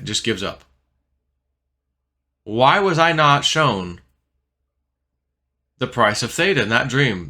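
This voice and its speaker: A man talks through a loose, wandering crypto vlog monologue. His voice is bright and forward, and his pitch sits mid-range for a man. He keeps looping back on himself with easy filler words. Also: lively intonation, moderate pace. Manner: rambling, filler-heavy, restless talk. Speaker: crypto vlogger. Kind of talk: casual storytelling monologue.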